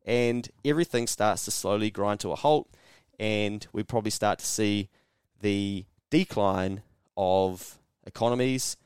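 Kiwi guy ranting on his podcast, sweary and sarcastic, lowish voice, dry sound. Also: measured pace, clear, resonant tone, no room sound. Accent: New Zealand. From New Zealand. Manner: blunt, sweary, sarcastic, acts out mock dialogues. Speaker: podcast host. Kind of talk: casual solo podcast monologue.

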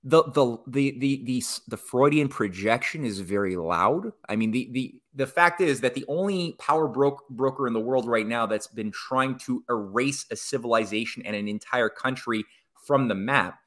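Male guest commentator, rambling, animated, average pitch. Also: normal speed. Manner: rambling, many restarts, animated asides. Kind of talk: political commentary in conversation.

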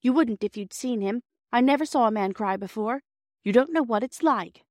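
Reading a storybook, a woman voices an earnest, kind young girl who speaks in a breathless, pleading way. The voice is pitched above her own but stays close to an everyday sound: on the high side, a little mellow, with lively intonation at normal speed. It's studio quality with no echo.

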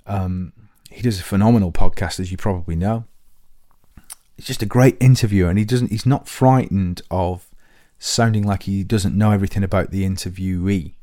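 A man's voice: low-pitched, fairly even intonation, normal speed, warm tone, dry recording, clean studio sound. A man hosting a podcast, talking to listeners in a rambling, self-deprecating comic monologue full of restarts. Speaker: podcast host.

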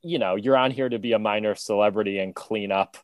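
A man's voice: lowish voice, a little fast, no echo. A man, a comedian guest on a podcast, chatting casually in a rambling, wry way. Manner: rambling, many fillers, wry. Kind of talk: casual chat.

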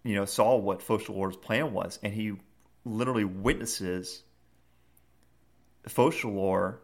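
Low-voiced male co-host, rambling casual retelling. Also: a little slow. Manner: rambling retelling full of fillers. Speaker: podcast co-host. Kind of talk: casual chat.

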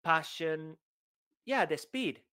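A man co-hosting a casual public speaking chat, animated and jokey, acting out bits of dialogue. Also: on the high side, takes it slowly, clean tone. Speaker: podcast co-host.

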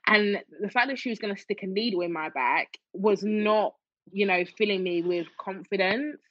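A woman's voice: medium pitch, moderate pace, dry recording. A woman telling a personal story as an interview guest, emotional, with many fillers and restarts. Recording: dull dry lo-fi sound.

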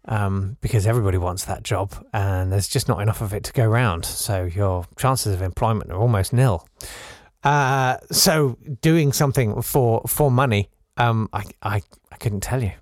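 A man hosting a podcast, chatting casually in a wry, rambling, gently self-mocking way as he reads out and answers listener messages. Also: on the low side, normal speed, dry recording, studio quality. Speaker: podcast host.

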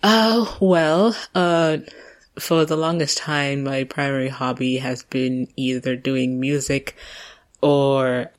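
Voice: mid-range voice, steady tone, takes it slowly. Chatty guest from the British Virgin Islands. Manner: chatty, laughs often. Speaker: podcast guest. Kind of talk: casual interview chat.

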